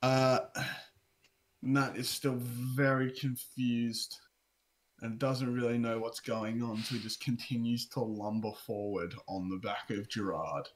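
A man playing a tabletop game who slowly describes what his character does. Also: fairly low pitch, steady tone. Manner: slow, descriptive. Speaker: player. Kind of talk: narrating his character's actions. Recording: faint background noise with clicks.

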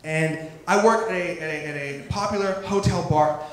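A man's voice: fairly high pitch, moderate pace, slight background noise. A young man doing brash, profane stand-up comedy in a comedy club. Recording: echoey comedy club with crowd.

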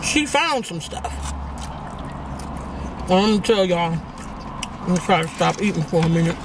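A woman's voice: on the low side, lively intonation, measured pace, background noise. A young woman vlogger chatting casually and laughing as she tells a personal story to her viewers while eating. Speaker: vlogger host.

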